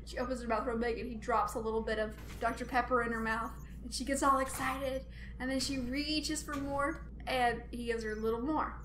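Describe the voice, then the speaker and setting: A woman host telling a funny family story in a chatty, animated way, laughing often. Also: a little high, a little fast, reverberant, a little hiss or hum. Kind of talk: casual storytelling monologue.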